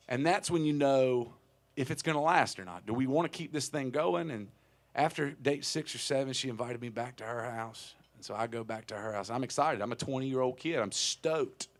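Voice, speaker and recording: Male singer-songwriter, 30s, mid-pitched, wry and profane onstage storyteller, stage mic in a small club. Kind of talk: onstage storytelling between songs. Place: small live music venue.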